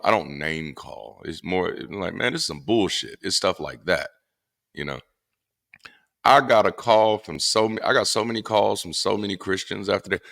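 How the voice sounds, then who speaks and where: A former pastor in a casual monologue, speaking bluntly and profanely with animated emphasis. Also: male voice, deep voice, creaky. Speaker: former pastor turned atheist commentator.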